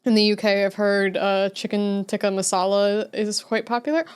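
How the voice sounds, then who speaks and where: A woman's voice: medium pitch, steady tone, moderate pace, clear, resonant tone. A young adult woman hosting a casual livestream, chatting with viewers while drawing, laughing often as she answers them. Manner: chatty, giggly, answers chat aloud with frequent laughter. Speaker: livestream host.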